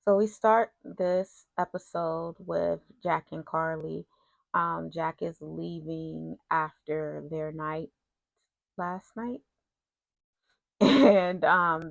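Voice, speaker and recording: A woman's voice: low-pitched, gravelly, dry recording. A woman casually recapping a TV soap episode, retelling scenes with quoted lines and personal asides.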